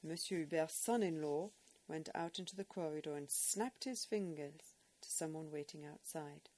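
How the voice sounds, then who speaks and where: Woman narrator, slightly low voice, measured expressive reading. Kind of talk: audiobook narration.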